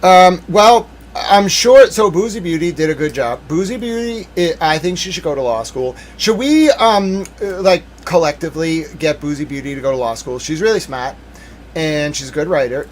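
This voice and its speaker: A man hosting a live stream, ranting with mock outrage and then settling into calmer musing. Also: fairly high pitch, moderate pace, a little hiss or hum. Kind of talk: live-stream commentary rant.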